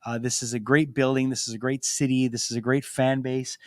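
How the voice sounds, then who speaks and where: A man's voice: mid-range voice, level tone, brisk, no echo. Upbeat man hosting a convention panel. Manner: friendly, rambling, with fillers. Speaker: convention organizer co-host. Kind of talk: live stage Q&A chat. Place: stage in a convention hall.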